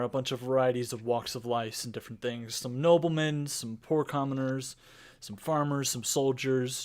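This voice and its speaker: A man narrating a tabletop game as game master, in loose, rambling speech. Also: medium pitch.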